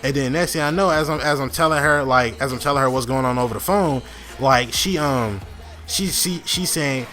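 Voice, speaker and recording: A man's voice: medium pitch, moderate pace, pushed and bright. Rambling young man telling a story. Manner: rambling, many fillers and restarts, frequent profanity. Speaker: gaming channel host. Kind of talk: casual storytime over gameplay.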